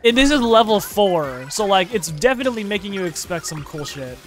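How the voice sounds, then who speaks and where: Young male gamer, excitable and sweary, higher voice, faint game music behind. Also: fairly quick. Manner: excitable, swears and laughs a lot. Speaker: gaming YouTuber. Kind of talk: let's play commentary.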